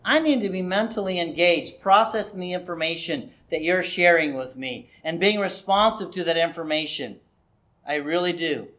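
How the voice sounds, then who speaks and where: A man's voice: fairly high pitch, moderate pace, sharp tone. A middle-aged male pastor giving an earnest, conversational sermon that builds to raised emphasis.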